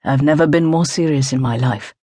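A woman reading the part of an elderly male business tycoon who speaks in a clipped, even, insistent way. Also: a little high, a little fast, no echo, studio quality, close to an everyday voice. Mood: sharp, insistent. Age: older.

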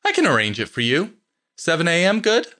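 Male narrator voicing an upbeat young porter, high and bright, polite. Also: sing-song, brisk. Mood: cheerful. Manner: polite and cheerful.

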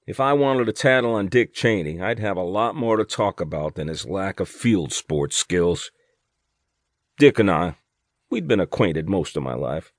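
A man with a fairly low voice narrates first-person fiction as an audiobook reader, bringing dry, wry humor. The recording is very dry and close to the mic.

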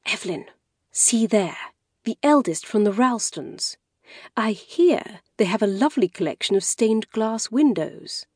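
A woman's voice: medium pitch, expressive, measured pace, darkish tone, slightly rough, dry recording, studio quality, pitched above the performer's own voice. A woman narrator voicing a stern, proper Victorian mother who speaks in a clipped, reproving way.

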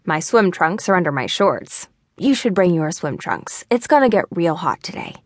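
A woman's voice: on the low side, sing-song, moderate pace, no room sound, clean studio sound. A woman voicing a cheeky young boy who teases his friend. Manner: teasing, playful.

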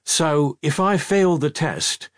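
A man's voice: a little high, slow, no echo, studio quality, pitched above the performer's own voice. A male audiobook narrator voicing an anxious, headstrong boy hero who talks tensely and impatiently.

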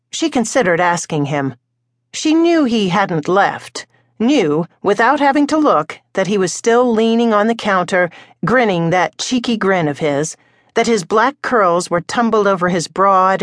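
An audiobook narrator, a woman with a lowish voice, reads a novel aloud in a measured, storytelling way. The scripted narration is clean studio sound with no room sound.

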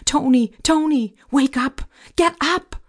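A woman voicing a frightened, desperate teenage orphan girl who shouts urgent warnings. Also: sits high, slow, voice pushed up. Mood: panicked shouting.

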